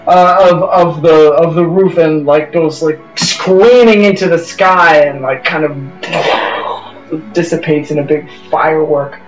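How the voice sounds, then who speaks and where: A man narrating as game master, rambling and excitable with lots of fillers and yelped sound effects. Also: on the high side, slow, muffled recording. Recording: roomy echo from a distance, music behind.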